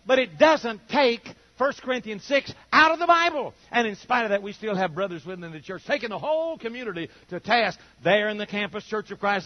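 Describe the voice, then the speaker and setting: An older man with a high-pitched voice preaches a sermon, telling stories animatedly and acting out the voices of the people in them. The recording is dull and lo-fi, with no room sound.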